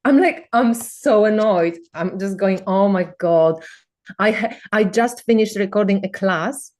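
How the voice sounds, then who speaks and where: A woman's voice: medium pitch, a little slow, darkish tone. A woman chatting casually on a video call, teasing a friend, swearing freely and laughing often. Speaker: co-host.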